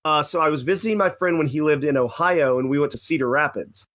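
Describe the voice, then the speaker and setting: A man's voice: a little high, fast, fairly bright tone. A young man co-hosting a casual podcast, telling rambling anecdotes with lots of self-corrections. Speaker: podcast co-host. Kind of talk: casual storytelling.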